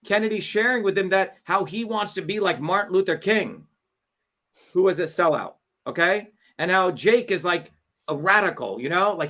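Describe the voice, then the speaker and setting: On his livestream, a male host speaks in a high, slightly bright voice. His political commentary is fiery and combative, full of swearing and ridicule.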